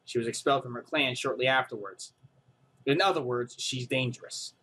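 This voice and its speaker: A man voicing a calm, serious female informant from a game, briefing in a measured, grave way. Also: slightly rough. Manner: measured, grave, low-key. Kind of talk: reading game dialogue aloud.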